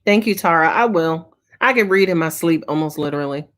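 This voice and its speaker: A woman's voice: low-pitched, animated, brisk, a bit bright. A woman tarot reader answering viewers' questions on a live stream, talking in a casual, slangy, profane way and sounding tired.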